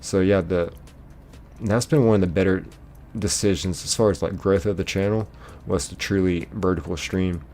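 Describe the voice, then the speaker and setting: A man's voice: sits low, fairly even intonation, moderate pace, darkish tone, slight background noise. An American man hosting a livestream, reading out viewer comments and answering them in a rambling, casual way with many fillers. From United States. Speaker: livestream host.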